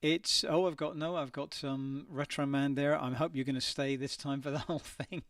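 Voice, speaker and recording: Slightly off-mic in his dry home studio, this singer runs a live stream, reading out viewer messages in casual chat. His voice is on the high side, steady and a bit bright, at a moderate pace with no echo, and he's chatty but hesitant, dropping lots of ums.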